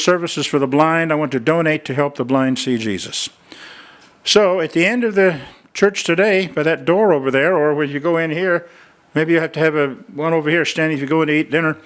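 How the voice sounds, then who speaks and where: Folksy older male preacher. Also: fairly high pitch. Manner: folksy storytelling, chatty asides. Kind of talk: sermon with fundraising appeal. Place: church.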